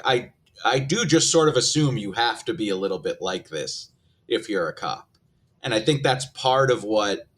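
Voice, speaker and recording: Podcast guest: lower-pitched man, thoughtful, hedging delivery. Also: a bit bright. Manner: hedging, thoughtful, many fillers. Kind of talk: casual film discussion.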